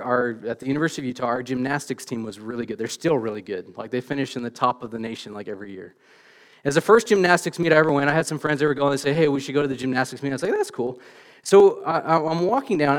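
Casting: middle-aged male pastor, lightly higher voice, lively self-mocking storyteller in church. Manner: animated storytelling, self-deprecating, many restarts. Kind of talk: sermon.

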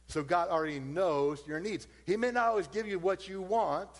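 In a large hall, a pastor preaches a sermon in a loose, conversational style, acting out the voices of his listeners. His voice is high-pitched, his pace moderate, and he barely pauses.

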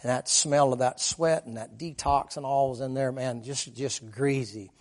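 A man's voice: medium pitch, fairly even intonation, moderate pace, a little mellow. A man preaching a sermon as a vivid, folksy story, dropping "man" and "boy" into his sentences.

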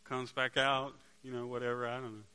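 Bright-voiced man preaching conversationally. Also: medium pitch, level tone, fairly quick, clear, resonant tone. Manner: conversational, repeats words while searching for them; rhetorical questions to the congregation. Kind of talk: sermon to a live congregation.

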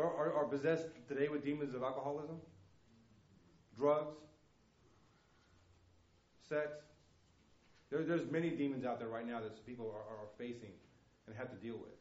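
A man's voice: mid-range voice, steady tone, moderate pace, pauses often, darkish tone. A man preaching a sermon as a missionary, telling stories with passion, acting out voices and repeating words. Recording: echoey room, dull lo-fi sound.

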